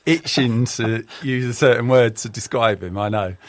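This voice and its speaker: A man hosting a casual news chat in a studio, with a nasal voice from a cold and a relaxed, wry way of talking. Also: medium pitch, a little slow, dry recording. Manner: relaxed, wry, chatty with fillers. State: under the weather, nasal. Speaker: podcast host and journalism lecturer.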